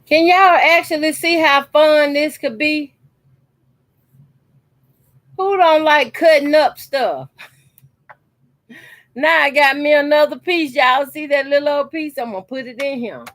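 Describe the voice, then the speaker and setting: High-pitched and a little slow, with long pauses and a fairly bright tone, she's recorded with no echo. The woman hosts a sewing channel and talks casually to her viewers from her home sewing corner, cutting quilt scraps and speaking emphatically and repetitively.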